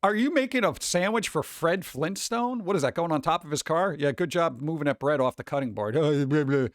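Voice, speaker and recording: A man's voice: fairly high pitch, expressive, fairly quick, dry recording, clean studio sound. A man from New York with a New York accent, hosting a casual livestream and reacting to chat in a sarcastic, mock-exasperated way. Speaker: streamer host.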